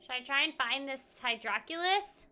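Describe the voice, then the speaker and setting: A woman's voice: high voice, expressive, moderate pace, sharp tone. A woman streaming a game, chatting casually and playfully, greeting viewers and repeating phrases in silly voices. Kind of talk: casual gameplay chat.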